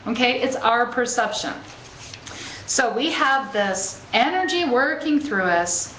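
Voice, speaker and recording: A woman's voice: sits high, fairly bright tone. Chatty woman speaker in an echoey room. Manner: conversational, checks in with "okay?" and "right?"; laughs easily while telling stories. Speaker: spiritual speaker. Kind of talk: inspirational talk to a live group. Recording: echoey room with faint ambient noise.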